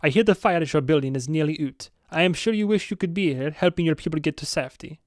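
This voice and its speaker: A man voicing a towering, vain male bodyguard in a put-on Swedish accent, slow, polite and menacing. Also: on the high side, dry recording, studio quality, close to an everyday voice. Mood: coolly polite. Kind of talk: audiobook character voice.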